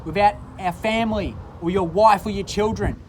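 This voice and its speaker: An Australian man talks straight into his phone in a raised, high voice, swearing hard and repeating himself for emphasis. The clip is recorded outdoors, with the drone of a boat motor and water clearly heard under his words. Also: moderate pace, slight background noise, rough recording. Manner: profane, forceful, repetitive. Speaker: social media vlogger. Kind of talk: impassioned direct-to-camera rant.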